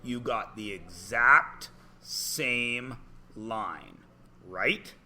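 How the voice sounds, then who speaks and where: A male math teacher lectures a class in a bright, forceful voice that sits a little high. He speaks slowly and deliberately, with dry theatrical humor. A faint hum of the classroom is heard behind him. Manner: dry, theatrical joking with students.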